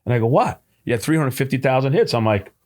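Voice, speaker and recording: A middle-aged man, talking quickly and telling a story. He acts out what other people said and swears without a second thought, in a voice of ordinary pitch. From New Jersey. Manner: animated storyteller, acts out dialogue, swears casually. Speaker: deli owner, guest. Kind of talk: casual storytelling chat.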